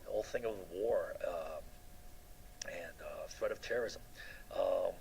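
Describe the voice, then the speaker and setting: Male lecturer, lowish voice, rambling classroom delivery with restarts, faint room hum. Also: wildly swooping pitch, unhurried, vocal fry, darkish tone, rough recording. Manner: rambling, frequent "right?" and restarts.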